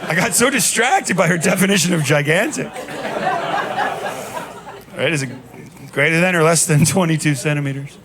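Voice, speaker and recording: Deadpan stand-up comedian, club crowd laughing. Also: male voice, fairly high pitch, normal speed, long pauses. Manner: deadpan storytelling with punchy asides. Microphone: handheld stage mic. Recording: live club recording with noise. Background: audience laughter.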